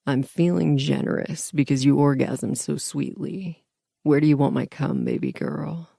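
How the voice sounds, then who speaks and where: A woman voicing a commanding, dominant grown man in an audiobook romance, speaking in a low, domineering murmur. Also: animated, a little slow, creaky, mellow, breathy edge, no room sound, studio quality, exaggerated voice.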